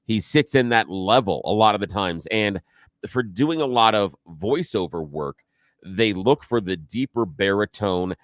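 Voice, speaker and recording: Low-voiced man explaining on talk radio. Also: expressive, unhurried, no echo. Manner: explains steadily, with asides. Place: radio studio.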